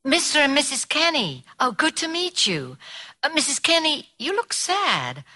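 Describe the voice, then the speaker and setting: A woman's voice: high voice, big pitch swings, normal speed, sharp tone, full character voice. An actress playing a kind, motherly salon owner who mixes Spanish into her English. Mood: kindly. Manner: kindly, persuasive, mixes Spanish words. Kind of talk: comedy drama acting.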